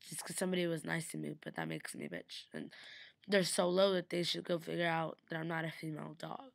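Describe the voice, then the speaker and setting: A young woman vlogs about her weekend in a chatty, gushing way, stringing thoughts together with plenty of "like". Her voice sits low with a gravelly fry, and the sound is close and dry, with no room around it. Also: lively intonation, fast, no echo. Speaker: vlogger. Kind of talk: casual vlog recap.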